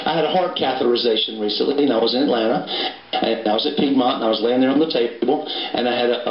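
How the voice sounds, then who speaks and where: Man, pastor, folksy storytelling sermon, muffled lo-fi sound, faint hiss. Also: fairly high pitch. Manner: folksy, storytelling preacher with a Southern turn of phrase. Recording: roomy, dull livestream recording with hiss.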